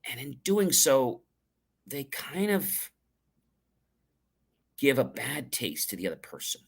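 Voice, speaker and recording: A man's voice: mid-range voice, big pitch swings, takes it slowly, gravelly, breathy edge. A man hosting a livestream, giving a motivational talk about asking good questions and acting out short dialogues playfully. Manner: playful, lingers on words, acts out dialogue. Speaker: livestream host. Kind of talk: motivational talk with acted examples.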